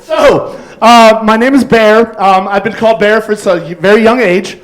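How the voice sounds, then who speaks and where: A man's voice: high voice, measured pace, poor audio. A man doing a stand-up set on a club stage, telling rambling stories full of fillers and acted-out quotes. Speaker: stand-up comedian.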